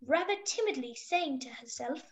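A woman narrating a storybook drama in a gentle, measured way. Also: sits high, animated.

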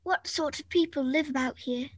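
Polite, curious young girl, voiced by a woman, high and courteous. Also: moderate pace, close to an everyday voice, rough recording. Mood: puzzled. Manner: polite and wondering.

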